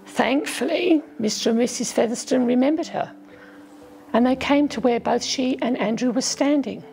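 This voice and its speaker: Gravelly woman reading a storybook. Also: high-pitched, normal speed, poor audio. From England. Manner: gentle read-aloud with voiced character lines. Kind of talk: scripted storybook narration. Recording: faint music behind.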